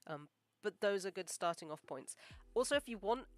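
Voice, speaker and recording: A woman's voice: medium pitch, expressive, moderate pace, no room sound. A woman animator chatting casually on a livestream while she draws, rambling with lots of "like" and "um" and sounding modest and encouraging. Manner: rambling, full of "like" and "um". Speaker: animator live-streaming her work.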